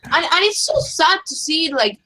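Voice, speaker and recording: A woman in a casual group podcast chat, profane and animated, laughing often. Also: extremely high pitch, normal speed, slight background noise, low-quality recording. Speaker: podcast panelist.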